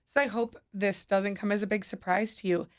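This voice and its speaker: A woman's voice: mid-range voice, fairly even intonation, fairly quick. A woman guest on a radio show, chatting candidly and laughing at herself. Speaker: radio guest from a city mission. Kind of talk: casual radio chat. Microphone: studio microphone.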